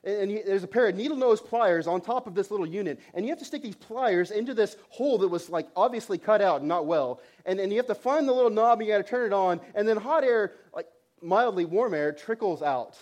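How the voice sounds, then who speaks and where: A man in his thirties preaches a sermon in a noticeably high voice. He tells his story in an animated, self-mocking way, often restarting his phrases. He sounds like a pastor speaking to his congregation. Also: brisk.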